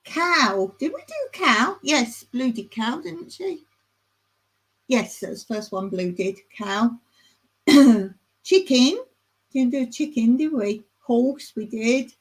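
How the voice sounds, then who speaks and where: A woman's voice: on the high side, lively intonation, slow pace. A woman hosting a casual live chat, giggly and chatty as she reads out viewer comments. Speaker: livestream host.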